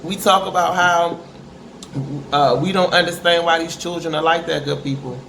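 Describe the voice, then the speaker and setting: A woman's voice: lowish voice, steady tone, moderate pace, gravelly, fairly bright tone. A middle-aged woman talking candidly to camera about parenting, emphatic and preachy, calling her listeners honey. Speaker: parent giving advice. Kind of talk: candid motivational talk to camera. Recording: echoey room with faint noise.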